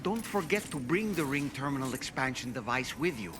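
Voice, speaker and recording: An actor playing a calm male mission operator giving instructions in a game. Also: mid-range voice, fairly quick, heavy background noise, lightly acted. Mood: instructive.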